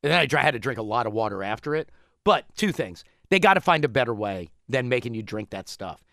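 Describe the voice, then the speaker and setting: A man in a casual chat, telling a long story in a rambling, animated way. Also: medium pitch, quick pace, creaky, dry recording, clean studio sound.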